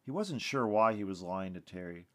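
A man, the podcast host, reading his own fiction aloud in a measured, plain way. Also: lowish voice, animated, a bit bright.

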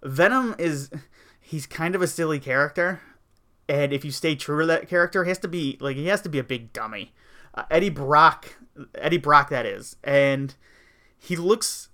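Brief: male podcast host, bright and smooth voice, rambling wry rants. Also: on the high side. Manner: rambling, wry complaining with frequent fillers. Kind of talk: casual opinion chat.

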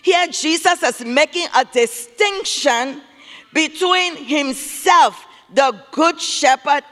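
Preacher, male, very high bright voice, slow and emphatic, repeats key words, booming hall reverb. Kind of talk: sermon. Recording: long reverb of a large hall.

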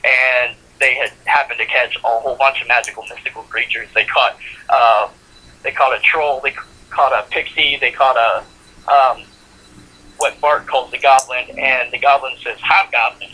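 A man's voice: mid-range voice, fairly even intonation, normal speed, bright, forceful tone, low-quality recording. A man co-hosting a podcast, casually recapping a cartoon episode with lots of fillers. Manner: rambling plot recap with frequent fillers and laughs. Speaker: podcast co-host. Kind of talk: casual chat.

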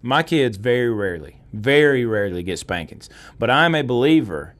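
Relaxed mid-pitched man in chat. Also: moderate pace. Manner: relaxed, frequent agreeing interjections. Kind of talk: casual chat.

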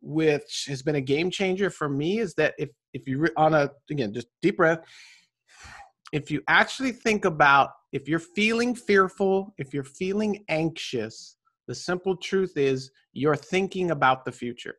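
A man speaking as an interview guest, giving motivational advice in an energetic, preachy way with frequent "right?" tags. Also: a little high, normal speed. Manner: energetic, preachy, tag questions. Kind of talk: motivational conversation.

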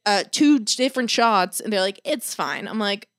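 A woman hosting a casual chat, telling a story in an animated way, swearing and rising in pitch when exasperated. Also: moderate pace, no room sound, clean studio sound.

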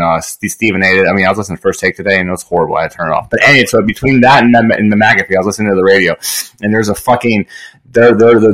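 A man on a podcast, chatting casually in a profane, rambling way with many fillers. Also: fairly low pitch. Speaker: podcast co-host.

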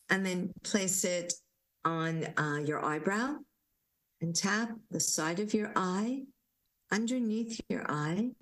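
A woman leading a guided relaxation talk at home, giving slow, soothing instructions with gentle repetition. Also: on the low side, poor audio. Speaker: parenting coach leading calming exercises.

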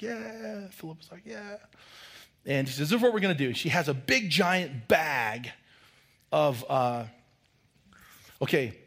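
Male pastor, sermon, lively storytelling, husky voice. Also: fairly high pitch. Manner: storytelling, acts out voices of children and teacher.

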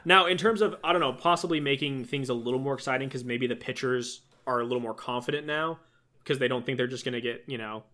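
A man's voice: mid-range voice, quick pace, pushed and bright. A man co-hosting a casual sports podcast, rambling with many restarts. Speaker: podcast co-host.

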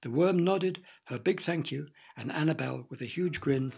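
A man narrating a children's storybook with expressive, playful sound effects. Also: fairly high pitch, moderate pace, gravelly, over loud music.

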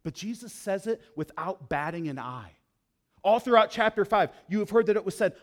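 A man preaching a sermon to a congregation, swinging between loud, emphatic lines and low, hushed ones while addressing the listeners directly. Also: normal speed. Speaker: pastor.

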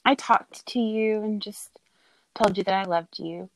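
A middle-aged woman telling her daughter the story of her birth in a casual, heartfelt talk, halting and full of fillers. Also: medium pitch, slight background noise, rough recording. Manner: tender, halting, with many fillers and laughs.

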